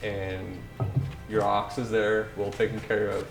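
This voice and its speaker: Low-voiced male game master, rambling casual narration, echoey room with noise. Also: level tone, a little slow, gravelly, over music. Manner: loose, rambling narration with fillers.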